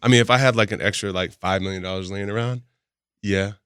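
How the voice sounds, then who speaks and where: A man's voice: fairly low pitch, steady tone, quick pace, fairly bright tone, clean tone, no room sound, clean studio sound. A middle-aged man chatting casually as a podcast guest, blunt and emphatic. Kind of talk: casual chat.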